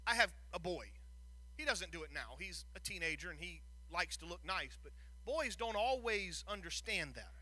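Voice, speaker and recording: A middle-aged man preaching a sermon, folksy, quoting scripture, swinging from quiet asides to shouted passages. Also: high-pitched, animated, normal speed. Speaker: pastor.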